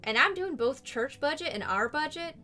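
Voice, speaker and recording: A weary cat mother from a story game, gentle but distracted and too busy to chat, voiced by a woman. Her voice sits a little high and bright. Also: expressive, normal speed, soft background music. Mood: tired. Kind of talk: game character voice acting.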